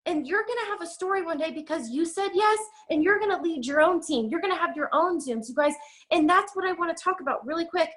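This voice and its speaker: High-pitched woman giving a pep talk. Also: lively intonation, fairly bright tone. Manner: fast, emphatic, preachy pep talk. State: out of breath. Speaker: network marketing team leader. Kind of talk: motivational talk on a video call. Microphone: video call.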